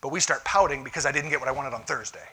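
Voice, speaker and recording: A pastor in church delivers a conversational sermon with a bright, ringing tone. He speaks emphatically and keeps driving his points home with "listen". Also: mid-range voice, racing, breathy edge.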